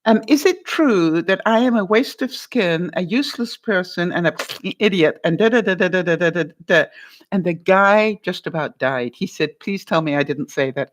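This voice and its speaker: An older woman vlogger tells a story from her working life in a relaxed, chatty way, acting out the call and quoting both sides. Her voice sits at an ordinary middle pitch. She speaks as if talking straight to her viewers. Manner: animated anecdote-telling, quotes both sides of a phone call, laughs often. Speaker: vlogger giving life advice.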